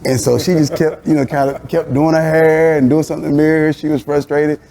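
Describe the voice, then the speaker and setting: A man hosting a church talk show as a pastor, telling family stories in a lively, animated way. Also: fairly high pitch, fairly quick. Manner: animated storyteller, acting out family dialogue with laughter. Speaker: pastor and host. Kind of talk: casual conversation.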